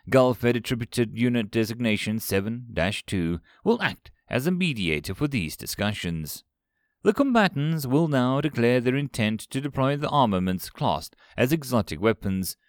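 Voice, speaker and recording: A man's voice: medium pitch, no echo, clean studio sound, lightly acted. A man voicing a cold, formal android mediator that speaks in a precise, officious way. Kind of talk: audiobook character voice.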